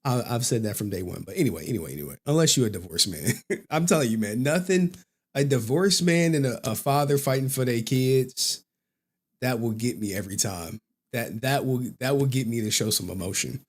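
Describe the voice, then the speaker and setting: A man's voice: mid-range voice, expressive, a little fast, breathy edge. A man hosting a casual live stream, loose and joking, who repeats his phrases and laughs often. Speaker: stream host and commentator.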